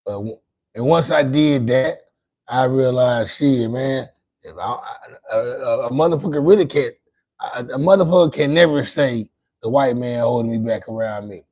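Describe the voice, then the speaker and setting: A man's voice: mid-range voice, moderate pace, a little mellow, poor audio. A man hosting a casual late-night livestream, talking in a loose, rambling and profane way, often repeating and restarting his words. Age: adult with grown children. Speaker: livestream host.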